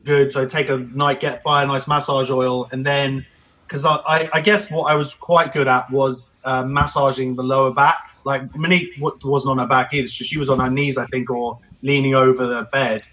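A man's voice: mid-range voice, steady tone, a little fast, a bit bright, low-quality recording. A man, a comedian, talking as a podcast guest in a blunt, emphatic, storytelling way. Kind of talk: podcast conversation.

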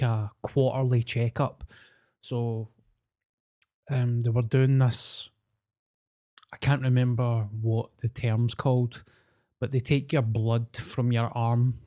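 A man's voice: medium pitch, warm tone. A Scottish man co-hosting a podcast, telling stories against himself in casual banter. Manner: self-mocking storyteller. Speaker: podcast co-host. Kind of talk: casual chat.

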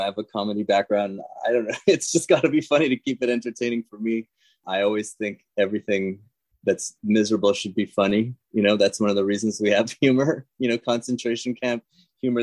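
A man's voice: on the low side, no echo. A man who makes videos, a guest in a casual conversation who laughs often and jokes. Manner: laughs often, relaxed and joking.

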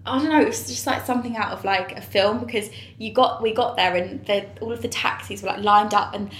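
A woman's voice: mid-range voice, a little fast, a bit bright, slight background noise. A young woman co-hosting a podcast in casual, chatty talk, laughing often. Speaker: podcast co-host. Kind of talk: casual chat. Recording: echoey room.

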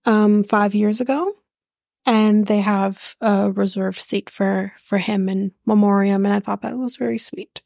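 A woman recaps a reality show on her podcast in a blunt, profane rant. Her voice carries a gravelly fry at a middle pitch. The sound is dry and close, with no room around it. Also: steady tone, unhurried, darkish tone, no echo. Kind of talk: casual recap chat.

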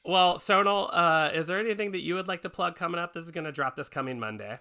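A man's voice: a little high, fast, sharp tone. A man hosting a podcast in casual chat, rambling and self-deprecating as he talks. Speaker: podcast host.

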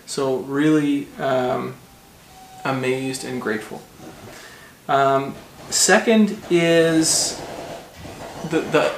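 A man hosting a podcast, talking earnestly with many fillers. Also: medium pitch. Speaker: podcast host. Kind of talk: casual podcast talk. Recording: echoey room with faint noise.

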